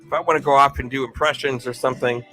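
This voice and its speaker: A man's voice: mid-range voice, steady tone, fast, bright, forceful tone, soft background music. A man hosting a live stream, chatting in an upbeat way and thanking viewers. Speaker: livestream host.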